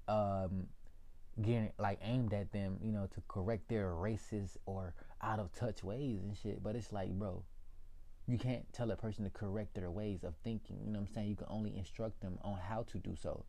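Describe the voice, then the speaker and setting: A man's voice: on the low side, warm tone. A young man ranting casually to his viewers, profane and rambling, calling them y'all. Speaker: political vlogger.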